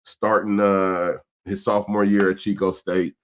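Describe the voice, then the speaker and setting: Man, middle-aged, low voice, laid-back slang, emotional. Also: level tone, a little slow. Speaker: vlog host, father. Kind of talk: casual vlog chat.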